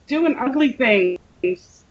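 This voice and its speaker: A woman's voice: sits high, lively intonation, very slow, slight background noise. A woman chatting on a video call, giggly and casual. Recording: dull video call audio.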